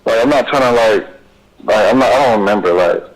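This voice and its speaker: In a recorded police interview, a young man answers questions in a halting, rambling way, repeating himself and using many fillers. His pitch is fairly low and the recording is rough.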